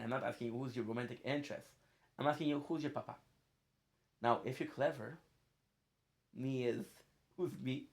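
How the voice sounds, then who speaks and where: A male streamer chatting casually as he plays, rambling from thought to thought. His talk is playful and loose, and he laughs easily between sentences. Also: mid-range voice. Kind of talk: casual chat while gaming.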